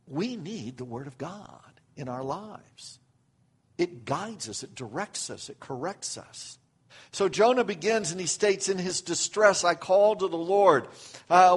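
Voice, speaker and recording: A man's voice: sits high, breathy edge. An older man preaching a sermon as pastor, acting out quoted prayers with rising emphasis.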